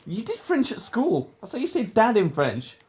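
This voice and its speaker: A man's voice: high-pitched, wildly swooping pitch, normal speed, darkish tone. Young man joking on a casual podcast. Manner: joking, teasing, laughs often. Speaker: podcast host. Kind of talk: casual chat.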